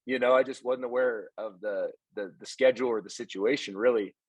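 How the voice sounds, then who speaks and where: A man's voice: medium pitch, brisk, breathy edge, dry recording. A man who coaches baseball and hosts a podcast, telling stories in casual chat and acting out what people said. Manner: animated storyteller, acts out quoted lines.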